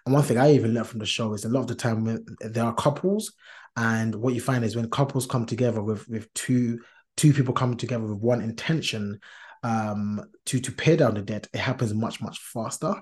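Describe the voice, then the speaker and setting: A man's voice: medium pitch, brisk, a little mellow. A man hosting a casual podcast chat, earnest and talkative, with many fillers and restarts, laughing easily. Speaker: podcast host.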